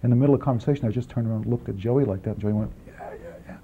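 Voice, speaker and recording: A man being interviewed about his film work, talking quickly in long rambling answers with many restarts and asides, on an old archival tape. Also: medium pitch. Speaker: film writer and director, interview guest. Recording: dull archival 1980s interview tape, faint hiss.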